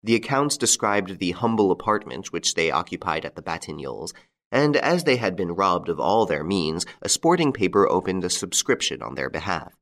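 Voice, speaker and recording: A man narrating a classic crime story aloud in an expressive, dramatic way. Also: low voice, normal speed. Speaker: audiobook reader.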